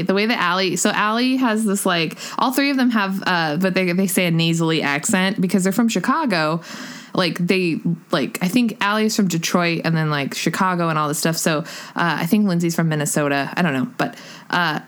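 A woman's voice: fairly low pitch, normal speed, a bit bright. A young woman co-hosting a podcast in a casual chat, talking in a giggly, rambling way with lots of fillers. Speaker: podcast co-host.

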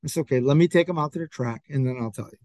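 A man's voice: mid-range voice, fast talker, dry recording. A man who trains athletes, telling stories in a casual podcast chat and acting out what other people said. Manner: animated, acts out other people's lines in quotes.

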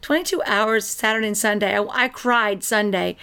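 A woman's voice: medium pitch, normal speed, pushed and bright, clear, resonant tone. A woman co-hosting a podcast, chatting casually and telling a rambling story with frequent laughter. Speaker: podcast co-host. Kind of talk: casual chat.

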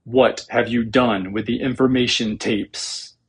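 A man voicing a menacing armored dark lord who growls out slow, low threats in a husky voice. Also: steady tone, slight background noise, lightly acted.

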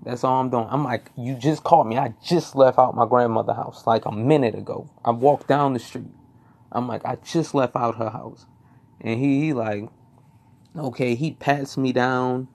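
A man's voice: mid-range voice, fairly even intonation, moderate pace, creaky, darkish tone. A young man casually telling a personal story, swearing, rambling and repeating himself.

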